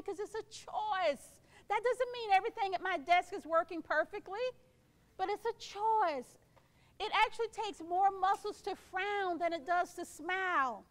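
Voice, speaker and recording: A middle-aged woman delivers a motivational keynote in a strikingly high voice. She is encouraging and playful, slipping into small quoted voices to make her points. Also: moderate pace. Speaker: keynote speaker.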